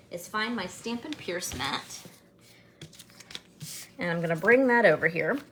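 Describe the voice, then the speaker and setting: A middle-aged woman narrates a casual card-making tutorial from her home craft studio, chatty and upbeat, cracking jokes as she works. Her medium-pitched voice is a bit bright, with slight background noise.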